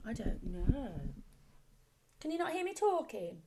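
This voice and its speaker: A woman leading an online choir warm-up from home over a video call, chatty and encouraging, coaxing the group along with repeated praise. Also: high-pitched, sing-song, measured pace, very noisy. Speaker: choir leader. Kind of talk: online singing warm-up class.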